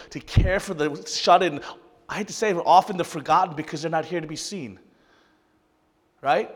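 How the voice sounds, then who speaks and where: A pastor with a fairly high voice preaches to his congregation in a large hall. Earnest and emotional, he swings from loud, rising peaks to hushed, soft passages.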